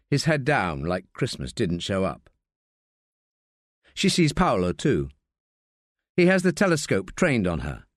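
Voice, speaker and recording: This audiobook narrator is male, with a mid-range voice and a measured, expressive way of telling the story. The recording is dry and of studio quality.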